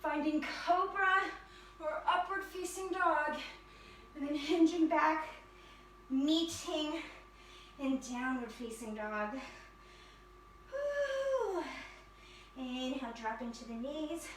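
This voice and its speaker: A woman leading an energetic yoga fitness class, cheering and counting down reps, slightly out of breath. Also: sits high, slow pace, a little hiss or hum. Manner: upbeat, encouraging, counts down reps. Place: yoga studio. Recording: echoey room from a distance.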